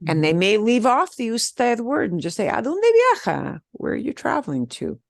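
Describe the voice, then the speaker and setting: A middle-aged woman teaching a beginner Spanish class, upbeat and encouraging, modeling phrases slowly so students can repeat them. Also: on the high side, very animated, gravelly, dry recording, clean studio sound. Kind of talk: online beginner language class.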